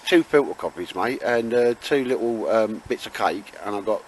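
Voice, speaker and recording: A man's voice: fairly low pitch, normal speed, a little hiss or hum. A man chatting casually and jokily while camping in damp woods. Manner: chatty, jokey, laid-back. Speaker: vlogger. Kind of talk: casual outdoor chat.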